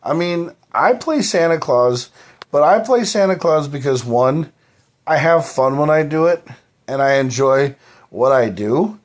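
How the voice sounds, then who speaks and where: A man's voice: a little high, lively intonation, a little slow. Rambling, cursing man with a raised voice. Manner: profane, rambling, heavy fillers. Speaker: live streamer. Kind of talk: rambling live-stream monologue.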